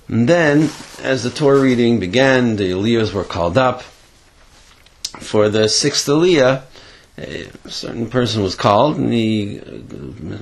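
A man, casually telling a story with halting restarts and a voice that jumps high on quoted lines. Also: vocal fry, slightly rough.

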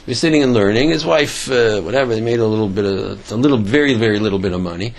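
A man teaching a religious lesson by telling a story, halting often, repeating words and restarting his sentences. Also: fairly low pitch, gravelly.

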